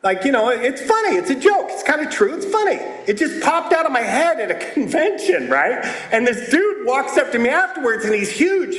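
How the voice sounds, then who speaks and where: A man giving a comedic recovery talk at a twelve-step meeting, telling stories loudly and acting out the people in them. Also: very high voice. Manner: loud, animated storytelling with voiced characters. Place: meeting hall. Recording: roomy hall with audience laughter.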